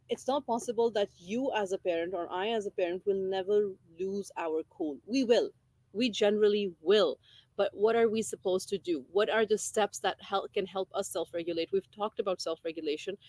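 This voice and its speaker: A woman's voice: medium pitch, a little mellow, dry recording. Woman earnestly explaining parenting tips, dry sound. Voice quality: conversational, repeats phrases for emphasis. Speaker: parenting educator. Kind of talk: informal talk explaining a parenting book.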